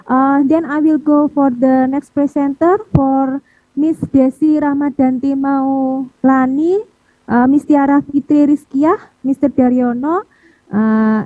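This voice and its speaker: High-voiced woman moderator, phone-thin audio. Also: fairly even intonation, a little slow, no echo. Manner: hesitant, frequent "uh" fillers, politely apologetic. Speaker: conference session moderator. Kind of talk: moderating an online conference session. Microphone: video call. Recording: tinny, phone-like video call audio.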